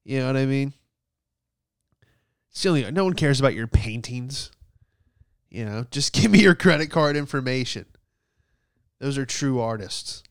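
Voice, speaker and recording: A man's voice: mid-range voice, animated, measured pace, pauses often, clean tone, no echo, clean studio sound. A man telling a sarcastic comedic story, exasperated and swearing casually.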